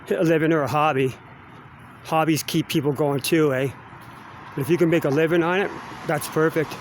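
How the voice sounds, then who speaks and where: This vlogger is a middle-aged man with a Canadian accent and a slightly high voice, speaking at a normal speed with fairly even intonation. Strolling outside around a school's grounds, he chats in a loose, wandering way and keeps ending lines with "eh?". There's slight background noise.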